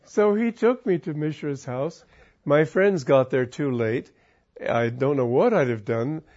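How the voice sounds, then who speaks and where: A man giving a reflective spiritual talk, telling a personal story in a calm, musing way with wandering sentences. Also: fairly high pitch, unhurried. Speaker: spiritual teacher. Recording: muffled lo-fi recording.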